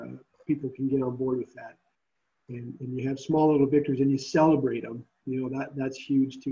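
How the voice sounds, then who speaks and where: Mellow, earnest man with muffled sound. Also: medium pitch. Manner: earnest, reflective. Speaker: Christian summer camp leader. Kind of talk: podcast interview.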